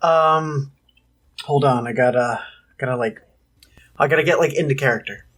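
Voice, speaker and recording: A man co-hosting a casual podcast, relaxed, chiming in with fun facts and short replies. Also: mid-range voice, moderate pace. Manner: relaxed, offers fun facts, admits he can't do accents. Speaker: podcast co-host.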